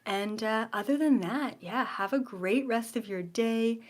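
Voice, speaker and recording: A woman with a Canadian accent hosting her own vlog, chatting casually to viewers with frequent ums and a relaxed, confiding tone. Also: on the high side, a little slow. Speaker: channel host. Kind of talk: casual direct-to-camera vlog.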